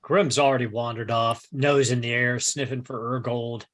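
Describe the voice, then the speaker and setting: A man playing a tabletop game, talking bluntly and gruffly in character. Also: mid-range voice, little pitch movement, moderate pace, a bit bright. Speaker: player.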